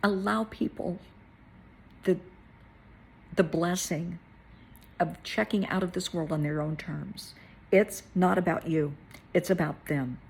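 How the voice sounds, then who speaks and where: A middle-aged woman tells a personal story, her voice gravelly and very husky. She speaks softly and tearfully, sometimes sinking to a whisper, with a fairly low pitch. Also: steady tone, slow pace, pauses often. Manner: tearful, soft-spoken, drops to a whisper at moments. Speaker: therapist.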